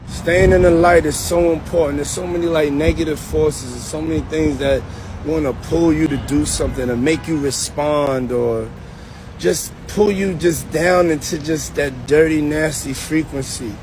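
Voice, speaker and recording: A man's voice: on the high side, noisy background. A man talking in a laid-back, slangy way, with some swearing, in a casual clip. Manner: laid-back, slangy, profane, drawn-out delivery.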